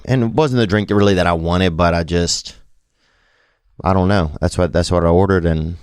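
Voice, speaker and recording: A man's voice: deep voice, fairly even intonation, normal speed, darkish tone, clear, resonant tone, no echo, studio quality. A man in his thirties with a Southern American accent, telling a rambling, self-deprecating story in a casual monologue.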